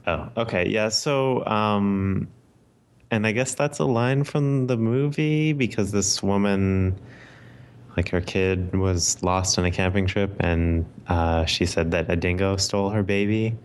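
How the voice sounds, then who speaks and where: A man with a low voice recaps a TV episode for a podcast. He talks in an easygoing, hesitant way, full of ums and restarts. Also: a little slow, a little hiss or hum. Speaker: podcast co-host. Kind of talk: casual chat, recapping an episode.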